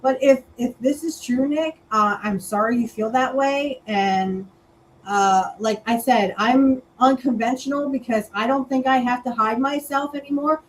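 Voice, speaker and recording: A woman's voice: high-pitched, unhurried, a little hiss or hum, rough recording. A woman co-hosting a casual political chat show, talking bluntly and crudely. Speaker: co-host.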